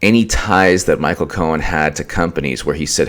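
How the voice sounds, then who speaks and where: A deep, low-pitched man delivering an opinionated political rant. He mocks his targets, repeats himself and restarts his sentences as he goes. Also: a little fast, a bit bright. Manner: ranting, mocking, repetitive restarts. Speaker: political commentator.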